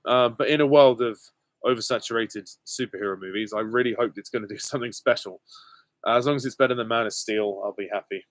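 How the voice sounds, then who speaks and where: A man's voice: mid-range voice, fairly bright tone, dry recording. Hesitant young British man, dry sound. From Britain. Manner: hesitant, many ums, candid and self-deprecating. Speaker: channel host answering viewer questions. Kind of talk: casual live Q and A.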